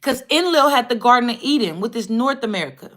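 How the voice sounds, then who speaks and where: A woman hosting a livestream, telling a story in a casual, animated and profane way. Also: fairly high pitch, fast. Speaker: livestream host.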